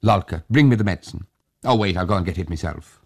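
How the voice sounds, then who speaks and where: A man's voice: low voice, lively intonation, fast, creaky, darkish tone, breathy edge, exaggerated voice. A man voicing a frightened, irritable grown woman in a read-aloud story, complaining sharply. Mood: irritated.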